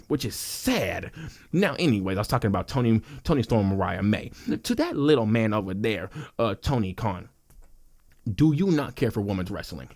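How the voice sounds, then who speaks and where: A young man hosting a casual podcast, his voice sitting a little low. He rants with passion and gets worked up, circling back to the same points for emphasis. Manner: passionate, worked-up, repetitive ranting. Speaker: wrestling podcast host. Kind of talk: casual opinion rant.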